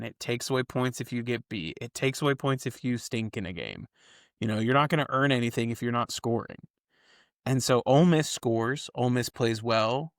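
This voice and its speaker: The co-host of a college football ratings show chats casually on a podcast, talking through the rankings and laying out his reasons point by point. He explains the model's logic at length in an ordinary middle pitch. The sound is close, dry and slightly bright, with no room echo.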